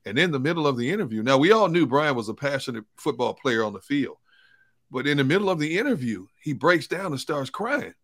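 A man co-hosting a sports talk show, telling a story in a casual, animated way. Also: medium pitch, brisk. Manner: animated storyteller, laughs as he tells stories. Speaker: co-host, sports reporter.

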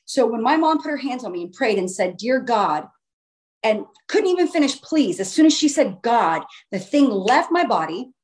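A woman's voice: a little high, big pitch swings, moderate pace, a little mellow. A woman telling her own story in a casual, earnest way, often restarting her phrases for emphasis. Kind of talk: casual first-person storytelling.

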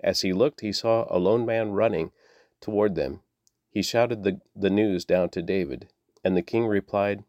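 Low-voiced man reading scripture. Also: dry recording. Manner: steady, measured, with small slips. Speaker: Bible reader.

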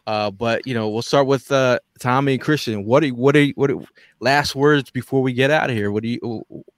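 A man's voice: mid-range voice, fairly quick, no echo. A man hosts a laid-back sports show, joking and tripping over his words as he wraps things up. The sound is dry and close. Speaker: podcast host. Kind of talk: casual sports talk.

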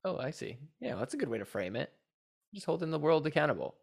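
A man's voice: a little high, sing-song, quick pace, vocal fry, breathy edge. A man hosting a podcast in casual chat, laughing often and giving short reactive replies. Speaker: podcast host.

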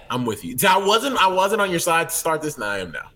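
A man's voice: a little high, big pitch swings, moderate pace, bright, forceful tone, slight background noise. A man co-hosting a podcast, talking bluntly and laughing often in casual chat. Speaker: podcast co-host.

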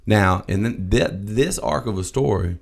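A man's voice: lowish voice, animated, measured pace, vocal fry. A man, telling a story in casual chat, swearing freely and acting out voices.

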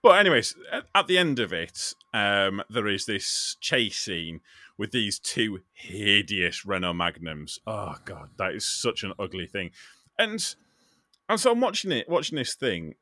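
A man hosting a podcast, with a bright, ringing tone and a pitch that swoops up and down as he gets worked up and laughs. He speaks close to the mic in a dry, dead room. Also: measured pace, no echo. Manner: animated, laughing, with many restarts. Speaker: podcast host. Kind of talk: casual podcast chat.

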